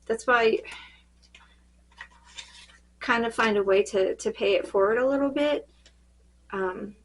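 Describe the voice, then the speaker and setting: A woman reading cards in a casual spiritual check-in, her voice fading and a little hoarse, rambling and halting with many fillers. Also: mid-range voice, a little hiss or hum, low-quality recording. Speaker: tarot card reader.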